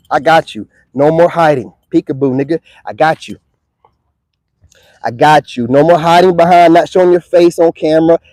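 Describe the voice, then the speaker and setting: A man's voice: high voice, creaky, a little mellow, no room sound, low-quality recording. A young man ranting to the camera in a taunting, profane, mocking manner. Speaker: online video creator.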